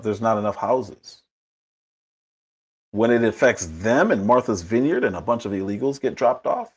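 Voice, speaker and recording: A man hosting a political commentary livestream, talking in an emphatic, animated way with a husky voice. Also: moderate pace. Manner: animated, emphatic, with big pitch swings.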